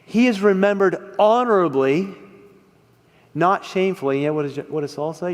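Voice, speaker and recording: A man preaches in a high register, leaning hard into key words and then falling quiet. The sermon rings out with long reverb, as in a church hall. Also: normal speed. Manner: expressive, rises and drops in volume for emphasis.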